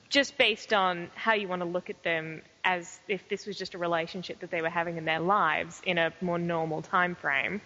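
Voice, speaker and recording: A woman chats on a podcast, building her points slowly and thoughtfully. Her voice sounds bright and keen. The audio is dull, with a long reverb trailing behind her. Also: on the low side. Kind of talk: casual discussion.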